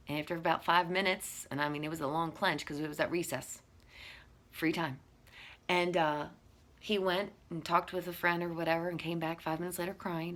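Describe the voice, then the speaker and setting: A woman's voice: lowish voice, steady tone, normal speed, a bit bright. Earnest woman giving a faith talk. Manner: earnest, drops to a whisper for quoted moments. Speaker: speaker sharing a faith message.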